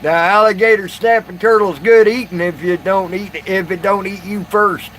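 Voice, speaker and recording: A man chatting casually to a live stream audience, halting with many fillers and restarts. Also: high voice, steady tone, a bit bright, slight background noise, low-quality recording.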